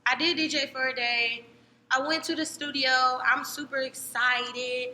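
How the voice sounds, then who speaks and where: Speaking at a measured pace, this young Cleveland woman co-hosts a casual podcast and tells an animated story, alternating loud, excited bursts with quiet murmurs. Her accent is American, and the studio recording has long, echoey reverb plus a little faint noise.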